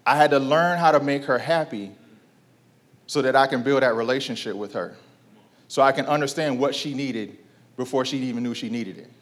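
A man in his thirties delivering a sermon in a relaxed, conversational way. He leans on rhetorical questions and repeats his key lines. He draws call-and-response from the congregation. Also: mid-range voice, normal speed. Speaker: pastor.

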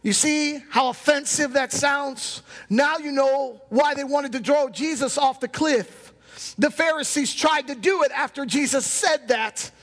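A man in his thirties delivers a passionate sermon, his voice sitting unusually high. He rises to shouts at times and slips into the voices of the people in his stories. The sound carries the long reverb of a big hall. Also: measured pace. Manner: impassioned preaching, acts out quoted voices. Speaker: pastor.

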